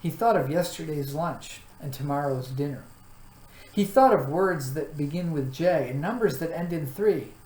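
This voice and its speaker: Low-voiced woman reading a story aloud. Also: expressive, normal speed, mellow. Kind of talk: reading a children's novel aloud. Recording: echoey room, faint background hum.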